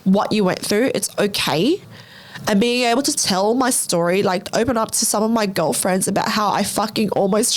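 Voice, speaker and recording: A young Australian woman talks through her own story on her podcast, speaking frankly and dropping swear words as she goes. Her sentences pile up quickly into one another, and her voice sits in an ordinary middle register. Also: medium pitch. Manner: blunt, heavy swearing, rapid run-on telling. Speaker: podcast host. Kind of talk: candid personal storytelling.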